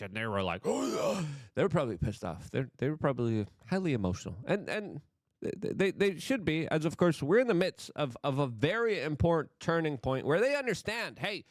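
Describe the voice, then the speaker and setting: A male host gets excited as he delivers political commentary, his lively voice swooping up and down all over the place. He stumbles and repeats himself, and his mid-range voice is recorded dry and close with no echo or room sound.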